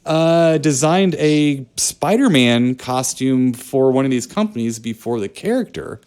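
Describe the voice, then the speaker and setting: A man's voice: mid-range voice, lively intonation, unhurried, a little mellow, clean tone. A man co-hosting a podcast, chatting about movies in a joking, rambling way. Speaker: podcast co-host. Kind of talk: casual movie chat.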